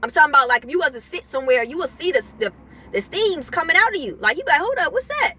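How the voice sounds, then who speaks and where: High-pitched lady preaching casual spiritual advice to her viewers, bright tense tone, keeps chuckling. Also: animated, very fast, slight background noise. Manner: emphatic, repetitive, chuckles between points. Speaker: spiritual vlogger.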